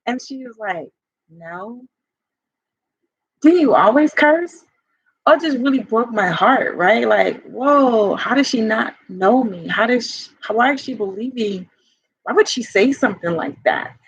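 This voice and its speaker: A woman's voice: a little high, expressive, moderate pace, slightly rough, no room sound. A woman life coach in a personal vlog, talking in a confessional, rambling way full of fillers. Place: home by a fire. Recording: dull lo-fi sound.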